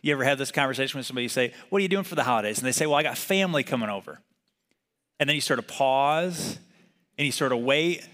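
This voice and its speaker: A man's voice: mid-range voice, expressive, quick pace, a bit bright. A man preaching a sermon in a conversational way, asking the congregation to repeat words after him. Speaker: pastor. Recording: long hall reverb.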